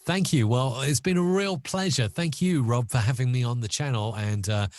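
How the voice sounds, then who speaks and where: A British man talks as a guest in a casual interview, friendly and quick, peppering his talk with fillers. His voice is mid-pitched. It sounds dry and close on a video call. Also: darkish tone, no room sound. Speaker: audio expert guest.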